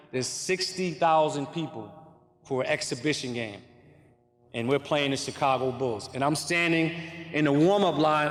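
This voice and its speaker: Animated man telling a story in an echoey hall. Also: high-pitched. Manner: animated storyteller, acts out quoted lines. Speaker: guest speaker, former pro basketball player. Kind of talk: storytelling talk to an audience.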